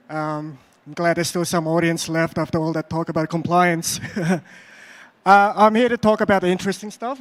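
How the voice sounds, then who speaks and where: A man from Australia with an Australian accent giving a conference talk on stage, speaking slowly and carefully with frequent fillers. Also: sits high, no room sound. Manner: deliberately slow, careful delivery with frequent "uh" fillers.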